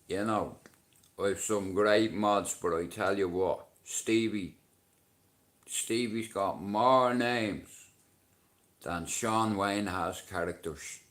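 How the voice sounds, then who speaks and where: A man's voice: on the low side, very slow, long pauses. A middle-aged man with a Dublin Irish accent, chatting on his livestream, swearing freely and bantering with viewers. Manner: profane, banters with chat and shouts at commenters. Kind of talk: casual livestream chat.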